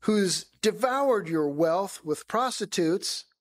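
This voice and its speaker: Resentful older brother, read by a man, indignant and complaining, pitched a bit higher. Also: lively intonation, takes it slowly. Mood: aggrieved.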